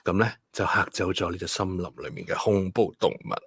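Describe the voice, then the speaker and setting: A man's voice: sits low, brisk, slightly rough, no room sound. A man with a Hong Kong English accent, reading a bedtime story to children and teaching them about rhyme. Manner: animated, code-switching, stressing words for children.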